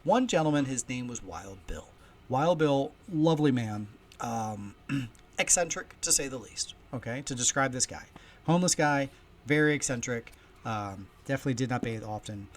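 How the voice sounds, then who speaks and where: A man hosting a casual solo podcast from home, chatty and storytelling, with loudness that swings often. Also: medium pitch, expressive, a little fast. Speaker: podcast host. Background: faint ambience of heating and kids upstairs.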